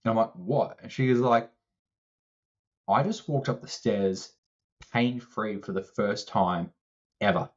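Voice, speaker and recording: A man co-hosting a casual podcast, telling an animated story and acting out both sides of the conversation, swearing now and then. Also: fairly low pitch, a little slow, pauses often, lo-fi sound. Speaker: strength coach co-host.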